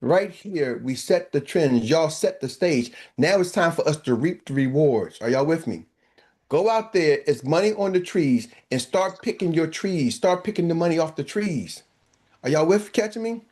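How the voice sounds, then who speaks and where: A man with a high voice hosting a business call in a preachy, animated way. He repeats his points for punch and acts out little exchanges to rally his listeners. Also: normal speed. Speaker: host. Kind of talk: motivational business talk.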